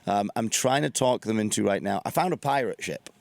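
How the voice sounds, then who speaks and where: Laid-back, low-voiced English man. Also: expressive, a little fast, vocal fry, no room sound. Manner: laid-back, blunt, dry humor. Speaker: guest musician. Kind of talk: casual interview chat. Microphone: studio mic.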